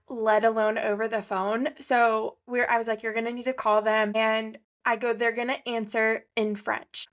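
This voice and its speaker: A woman co-hosting a podcast, telling a story in casual chat and laughing often. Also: a little high. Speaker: podcast co-host.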